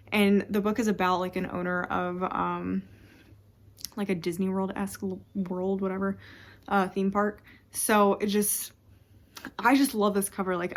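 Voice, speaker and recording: A young woman chatting casually about books at home for her vlog, rambling and interrupting herself. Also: medium pitch. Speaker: book vlogger. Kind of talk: casual chat.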